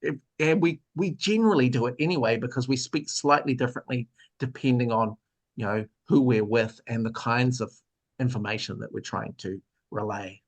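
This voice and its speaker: A man's voice: medium pitch, moderate pace. A man, a guest author in a casual discussion, explaining thoughtfully and trailing off into fillers.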